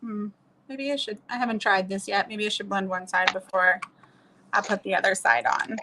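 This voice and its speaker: A woman's voice: mid-range voice, fairly even intonation, moderate pace, bright, forceful tone, a little hiss or hum, low-quality recording. A young woman from New Orleans chatting casually and laughing while she does her makeup on a stream. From New Orleans, USA.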